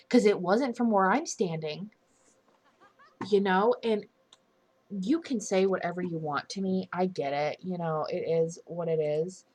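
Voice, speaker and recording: A woman's voice: fairly low pitch, normal speed. A young woman giving an indignant, earnest opinion commentary for her channel, often restarting and correcting herself mid-sentence. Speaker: commentary YouTuber.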